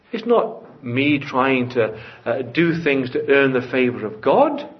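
A man's voice: medium pitch, sing-song, slow pace, few pauses. A man preaching a sermon in a church, earnest and building to fervent emphasis. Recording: dull lo-fi church recording.

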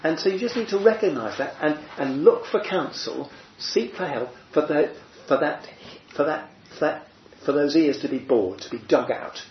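A slightly high-voiced preacher leads a small group at normal speed, heard through a muffled, roomy recording with slight background noise. He keeps things conversational, stumbling through fillers and restarts while quizzing the room.

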